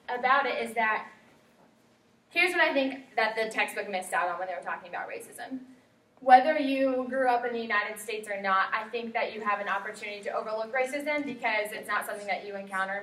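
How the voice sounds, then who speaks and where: A woman's voice: on the high side, a bit bright. A young woman giving a chatty classroom presentation, with lots of fillers and quotes she acts out. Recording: echoey room from far off, faint hiss.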